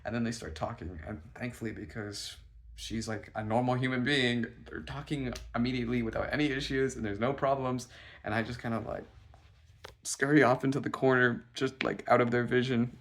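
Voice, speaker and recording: A young man telling a rambling, anxious story about himself, swearing and loudly acting out his own lines. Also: mid-range voice, steady tone, a little fast, creaky. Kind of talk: casual storytime monologue.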